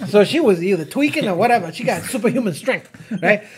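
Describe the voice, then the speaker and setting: A man's voice: high voice, expressive, fast talker. Laughing, swearing male podcast co-host. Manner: laughing, swearing, many restarts. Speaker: podcast co-host, gym owner. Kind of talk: casual storytelling chat. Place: gym in New York.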